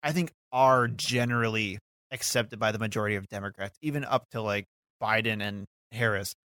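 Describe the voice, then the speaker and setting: A man co-hosting a political podcast in casual chat, talkative and quick to laugh. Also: on the low side, sharp tone, no echo, clean studio sound. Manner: talkative, laughs often, hedging asides. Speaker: podcast co-host.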